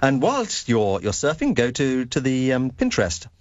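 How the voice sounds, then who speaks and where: A man's voice: medium pitch, wildly swooping pitch, normal speed, no echo, muffled recording. A man hosting a travel radio show in upbeat, promotional chat.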